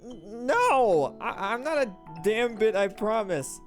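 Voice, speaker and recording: A man's voice: high-pitched, expressive, takes it slowly, faint music behind, pitched above the performer's own voice, full character voice. A man voicing an earnest young foreign woman who stammers and pleads when flustered.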